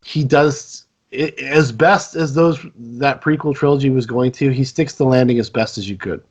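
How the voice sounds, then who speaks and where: A man co-hosting a casual movie podcast, talking in a measured, hedging, analytical way. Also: medium pitch, breathy edge. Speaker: podcast co-host. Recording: dull lo-fi mic.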